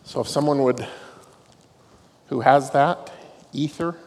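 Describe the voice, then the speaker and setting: A man's voice: medium pitch, takes it slowly, a little mellow. A middle-aged man, a dean of students, giving a devotional talk to students with storytelling and self-deprecating humor. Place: large hall on a university campus. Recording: long hall reverb, faint noise.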